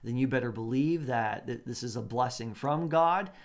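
Man preaching with lively asides. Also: medium pitch, moderate pace. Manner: lively preaching with asides and laughs, acts out quotes. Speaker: pastor. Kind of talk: sermon.

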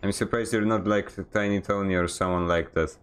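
A man with a lowish voice chats while he plays a game on stream. He rambles, pokes fun at himself and keeps stumbling into restarts mid-sentence. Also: steady tone, a little fast, a little hiss or hum. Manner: joking, self-mocking. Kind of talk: casual chat while gaming.

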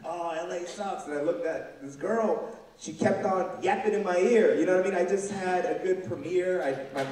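A young man from the West Coast doing a loud, animated stand-up comedy set, acting out both sides of his stories in a large hall. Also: high-pitched, moderate pace. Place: large hall with live audience. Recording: echoey hall from far off, loud crowd noise.

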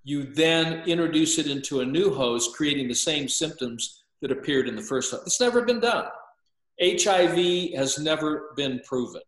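A man's voice: on the high side, lively intonation, normal speed, fairly bright tone, roomy sound, rough recording. An older man explaining at length as an interview guest, hesitant, with frequent filler sounds and restarts. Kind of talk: lecturing explanation.

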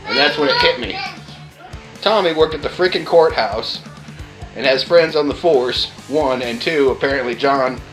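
A man tells a personal story in a loose, chatty way, stringing it along with plenty of fillers. His voice sits at an ordinary middle pitch. Soft guitar music runs faintly in the background. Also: moderate pace, rough recording. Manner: chatty, full of "like" fillers, acts out the quotes. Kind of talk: casual spoken anecdote.

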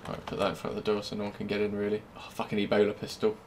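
A young man giving live gameplay commentary, swearing constantly and swinging from low muttering to loud yelling. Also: monotone, very fast, a little hiss or hum. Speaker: gamer. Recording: game music playing under the voice.

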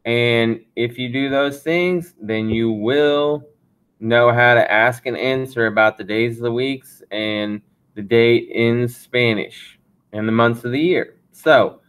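A man teaching a beginner Spanish lesson, counting slowly and repeating phrases as he explains. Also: mid-range voice, fairly bright tone, clean tone. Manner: slow, deliberate counting. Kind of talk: classroom lesson.

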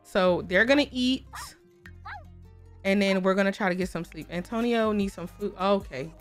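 A woman, hosting a casual, excitable let's-play and chatting to viewers as she plays. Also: medium pitch, normal speed, faint music behind. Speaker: gaming video host. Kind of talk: casual game commentary.

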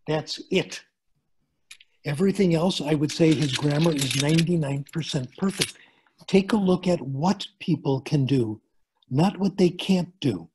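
An older American man, a linguistics professor appearing as a guest speaker, gives a webinar lecture over a video call and answers questions. His medium-pitched voice is husky and a little mellow, and he's chatty, using joking asides and plain examples.

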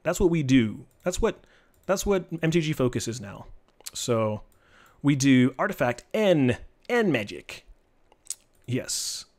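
Animated man streaming a card game. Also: mid-range voice, slow pace, pauses often. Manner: animated, joking, trash-talking. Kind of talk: casual live-stream game commentary.

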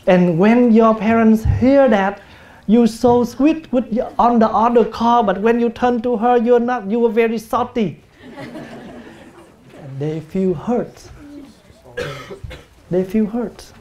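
A male Buddhist monk with a Vietnamese accent gives a sermon at an unhurried, slow pace. His voice is mellow and warm, and his manner is gentle and lightly humorous. The recording is muffled and lo-fi. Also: very high-pitched. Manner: gentle, humorous, acts out everyday speech. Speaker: Buddhist monk giving a dharma talk. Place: meditation hall.

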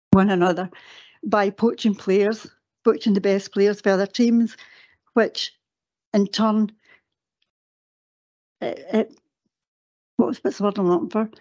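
An older woman with a Scottish accent tells her story in a mellow, warm voice, chatty and quick to laugh at herself. She often stops to correct her own words. The sound is a dull, lo-fi recording of a council meeting. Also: mid-range voice. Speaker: guest speaker at a council meeting. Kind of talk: personal reminiscence speech. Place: council chamber.

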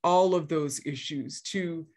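A woman's voice: low-pitched, slow, darkish tone. Emphatic woman, sixties, speaking at a public session; earnest, restates her main points, many fillers. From northern Minnesota. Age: 60s. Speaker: guest speaker.

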